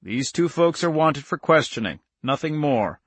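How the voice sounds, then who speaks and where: A man's voice: on the high side, expressive, moderate pace, husky, no echo, voice pushed up. A man voicing a courteous, disarming male government agent who keeps smiling.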